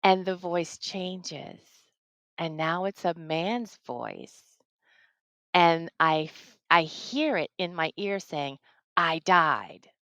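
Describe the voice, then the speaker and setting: A woman's voice: fairly low pitch, slow, dry recording, low-quality recording. A middle-aged woman from New Jersey, a tarot reader, telling a personal ghost story in casual conversation.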